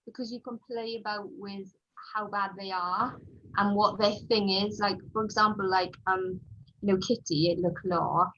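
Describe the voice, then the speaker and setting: A woman with a Welsh accent, a children's author chatting on a podcast in an animated way, full of fillers. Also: medium pitch, normal speed, muffled recording, slight background noise. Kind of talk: casual podcast chat.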